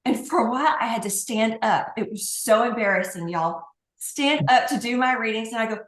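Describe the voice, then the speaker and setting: A woman's voice: a little high, fairly quick, echoey room, poor audio. A woman guest on an interview, an angel communicator, telling stories in a chatty way with light laughs. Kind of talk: casual interview talk.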